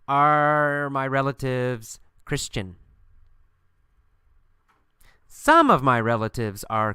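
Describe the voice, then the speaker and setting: A man's voice: medium pitch, bright, forceful tone, clean tone, no room sound, clean studio sound. A man teaching an English lesson by telling a story, asking questions and answering them himself with emphatic repetition.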